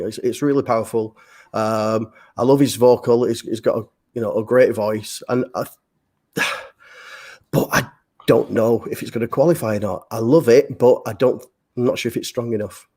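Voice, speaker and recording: Male panelist, enthusiastic, halting delivery, mid pitch. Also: a little mellow. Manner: enthusiastic, halting, many restarts. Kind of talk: casual panel discussion.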